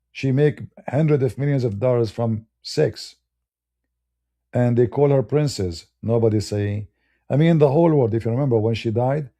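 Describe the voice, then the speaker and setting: Gravelly dark-voiced Middle Eastern man. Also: medium pitch. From Middle East. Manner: blunt, combative, laughs through his anecdotes. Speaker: Christian apologist streamer. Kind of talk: unscripted livestream rant.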